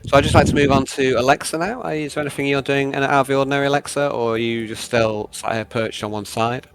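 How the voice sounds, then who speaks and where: A man narrating and running a tabletop role-playing game in a relaxed, chatty way. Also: medium pitch, fast, smooth. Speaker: game master.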